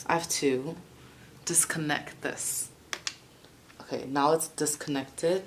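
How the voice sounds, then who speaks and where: A woman's voice: sits low, steady tone, takes it slowly, pauses often, a little hiss or hum. A young woman chatting and swearing freely as she vlogs herself fixing something. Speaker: vlogger. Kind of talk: casual vlog narration while working.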